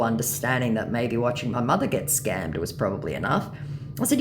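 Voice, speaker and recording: Low-voiced woman telling a story, sarcastic and blunt, super expressive. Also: fast talker, a little hiss or hum. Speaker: scambaiter narrating her chat. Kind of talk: casual storytelling narration.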